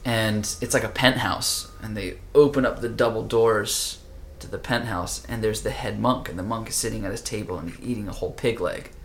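A man hosting a casual conversation, telling an animated story and acting out the voices. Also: lowish voice, brisk, slight background noise. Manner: animated, acts out voices, laughs easily. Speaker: podcast host.

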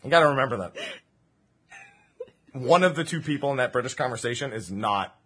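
A man's voice: mid-range voice, expressive, brisk, fairly bright tone, slightly rough. A man from New Jersey chatting casually on a livestream, explaining slang and laughing often. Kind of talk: casual stream chat.

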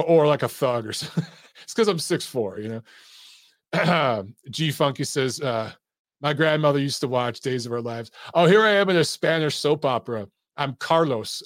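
Broadcasting from Atlanta, a boxing show host chats casually on a livestream about fights and the acting he used to do, laughing and cursing frequently as he rambles. He has a higher-pitched voice, captured cleanly in the studio with no echo.

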